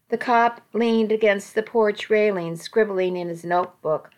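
A woman reading a first-person story aloud in an earnest, measured way. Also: medium pitch. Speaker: narrator.

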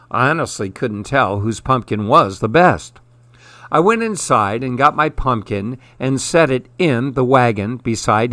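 A man calmly reading a children's storybook aloud. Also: mid-range voice, no room sound. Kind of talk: storybook narration.

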